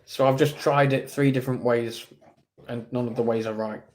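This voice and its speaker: A man's voice: mid-range voice, steady tone, moderate pace, darkish tone, slight background noise. A man with an English accent streaming live, chatting casually with viewers in a rambling, self-deprecating way.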